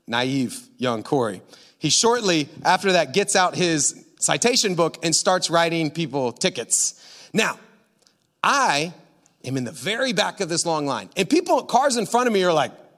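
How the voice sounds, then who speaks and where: A male pastor telling an animated, laughing story during a sermon. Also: a little high, moderate pace, big-room sound.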